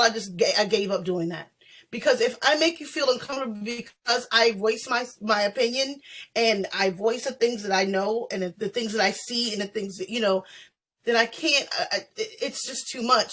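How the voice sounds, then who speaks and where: A woman guest on a panel talk, blunt and emphatic, often restarting her sentences as she pushes her point. Her voice is a touch high and husky. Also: sharp tone. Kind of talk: candid conversation.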